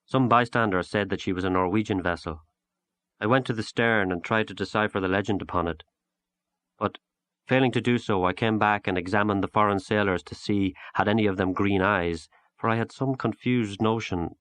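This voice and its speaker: A man with a somewhat low voice narrates a literary short story at a measured, unhurried pace. The recording is close and dry, with no room sound around him. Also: fairly bright tone, no room sound. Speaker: audiobook narrator.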